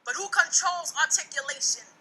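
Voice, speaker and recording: Woman spoken word poet, very high voice, piercing bright tone, rhythmic rhyming delivery, emotion cracking through. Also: normal speed, low-quality recording. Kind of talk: spoken word poetry performance.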